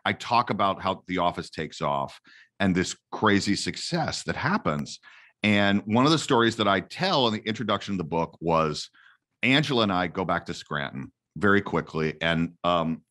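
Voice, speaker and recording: A man talking as a guest on an interview show, telling stories in a lively, self-correcting way. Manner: animated storyteller, self-correcting, jumps to a high voice. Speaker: guest actor promoting a book. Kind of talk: casual interview chat.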